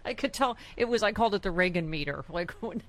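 A podcast host in casual chat, animated, laughing often and jumping between thoughts. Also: mid-range voice, quick pace, a crowd in the background.

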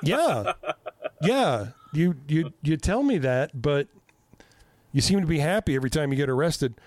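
Man, 50s, podcast host, swears a lot, animated storyteller, slightly high voice, dry close sound. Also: moderate pace, no room sound. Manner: profane, animated storytelling with self-mocking laughs. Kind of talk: casual podcast chat.

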